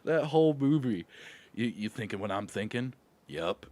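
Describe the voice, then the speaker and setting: Hyped, animated streamer guy. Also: medium pitch, moderate pace. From Louisville, Kentucky. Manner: upbeat, hyped greetings, laughs often, slangy. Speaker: gaming livestream host. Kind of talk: casual livestream chat with viewers.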